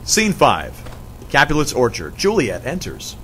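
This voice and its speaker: Lively male narrator. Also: medium pitch, a little slow, a little hiss or hum, low-quality recording. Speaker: narrator and teacher. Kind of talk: reading stage directions and a part.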